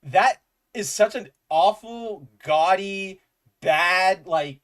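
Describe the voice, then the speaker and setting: A man's voice: high voice, drawn-out words, fairly bright tone. A man co-hosting a casual comics chat, enthusiastic and rambling, with lots of "like" fillers. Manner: enthusiastic, rambling, says "like" often. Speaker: podcast co-host.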